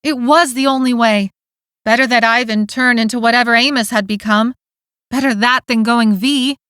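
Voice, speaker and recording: A woman's voice: on the high side, fairly bright tone, clear, resonant tone, no echo. A woman narrating an audiobook in scripted, emotive style on a close studio mic.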